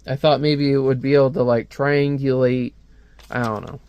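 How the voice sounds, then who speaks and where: A man's voice: mid-range voice, level tone, normal speed, smooth, dull audio. A young man casually reviewing a comic book, joking sarcastically and slipping into silly voices as he reads panels aloud. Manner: jokey, sarcastic, breaks into silly put-on voices.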